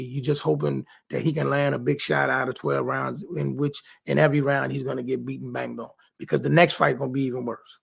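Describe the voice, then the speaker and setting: A man's voice: fairly high pitch, creaky, a bit bright. A man hosting a sports talk show, giving emphatic casual commentary on boxing and repeating himself for stress. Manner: emphatic, repeats phrases, talks straight to people. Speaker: sports podcast host.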